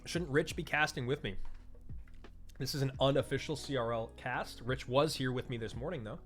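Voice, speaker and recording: A man's voice: mid-range voice, moderate pace, fairly bright tone. Man in his thirties, streamer host, casual and chatty, mid-range voice, faint music underneath. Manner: chatty, answers chat, jokes about himself. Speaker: esports streamer and caster. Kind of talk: casual live-stream chat.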